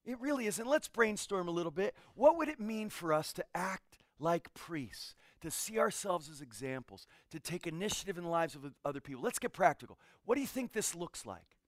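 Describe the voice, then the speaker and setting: A man's voice: sits high, normal speed, hardly any pauses, no room sound, clean studio sound. A man preaching and teaching a group, asking questions and telling stories from his own life. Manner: animated, asks the audience questions, tells stories. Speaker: pastor. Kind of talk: interactive sermon teaching.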